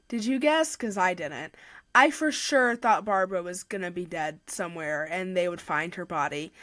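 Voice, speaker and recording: A woman's voice: mid-range voice, fairly bright tone, no echo, studio quality. A young woman hosting a podcast, casually retelling a novel's plot in a chatty way, with lots of "like" and frequent restarts. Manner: chatty, heavy use of "like", with restarts. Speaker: podcast host. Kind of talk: casual book review recap.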